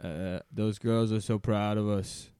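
A man doing a Boston-accented contestant, joking, smooth-voiced, close and dry. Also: on the low side, steady tone, measured pace, dark tone, dry recording, close to an everyday voice. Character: Boston-accented male reality show contestant.

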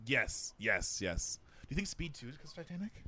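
A man's voice: mid-range voice, big pitch swings, normal speed, pushed and bright, husky. A man co-hosting a casual podcast, rambling with stammered restarts and wry asides while he watches a movie.

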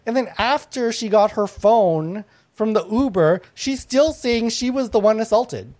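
A woman's voice: a little high, lively intonation, unhurried, a little mellow. A woman hosting a comedy panel chat, blunt and antagonistic, who laughs often between her lines. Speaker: panel show host.

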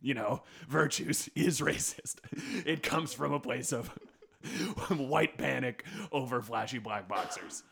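Gravelly animated comedy podcast host. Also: male voice, medium pitch, slow pace. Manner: animated storyteller acting out movie scenes. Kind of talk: improvised comedy podcast banter.

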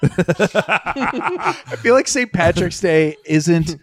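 Offhand man, lively slightly high voice. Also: drawn-out words. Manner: offhand and blunt. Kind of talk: casual comedic banter.

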